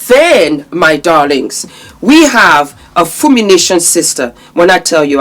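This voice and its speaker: A woman with a fairly low voice hosts a casual commentary vlog. She speaks emphatically and warmly calls her viewers her darlings. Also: expressive, a little slow. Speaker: commentary channel host.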